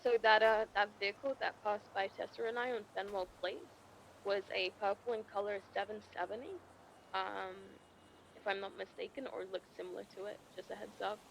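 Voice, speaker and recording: A woman's voice: mid-range voice, level tone, a little fast, creaky, a little hiss or hum. A woman in her twenties role-playing a police officer in a game, chatty and full of fillers. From United States. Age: 20s. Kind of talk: in-character role-play chat over game radio.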